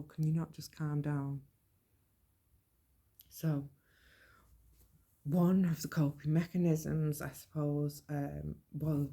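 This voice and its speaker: Creaky, dark-toned woman, earnest. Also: low-pitched. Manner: earnest, measured, plain-spoken. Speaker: podcast host. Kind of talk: personal monologue on mental health.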